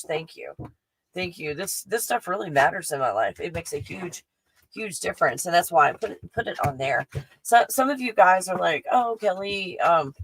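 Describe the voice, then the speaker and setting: A woman with a fairly low voice talks to her live-stream viewers in a loose, effusive way, often circling back and restarting what she's saying. The sound is dry and close, with no room echo. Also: breathy edge. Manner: chatty and effusive, with frequent restarts. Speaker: livestream host.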